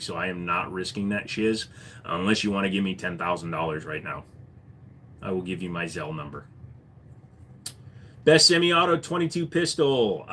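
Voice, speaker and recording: A man's voice: medium pitch, fairly bright tone. A man hosting a live stream, chatting casually with viewers, rambling and swearing now and then. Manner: rambling, swears casually, drifts between topics. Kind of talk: casual chat answering viewers.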